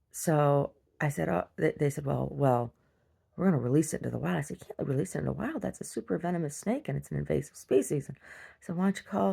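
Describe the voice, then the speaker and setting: A woman vlogger casually retelling a dream in a rambling, animated way, full of restarts. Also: low voice, creaky, slightly rough. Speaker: video diary vlogger. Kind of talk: casual storytelling to camera.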